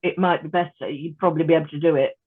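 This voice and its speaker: A woman's voice: low voice, fairly even intonation, racing. Woman on a tinny call. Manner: hesitant, with many ums and restarts. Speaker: guest creator. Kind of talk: casual chat on a video call. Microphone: video call. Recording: tinny phone-like video call line.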